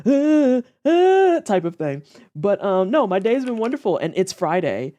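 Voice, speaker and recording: A young woman streamer from the Saint Louis area, chatting casually and swearing freely, acting out quotes in high voices. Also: very animated, unhurried, warm tone, lo-fi sound. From Saint Louis area, United States. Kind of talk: casual chat on a livestream.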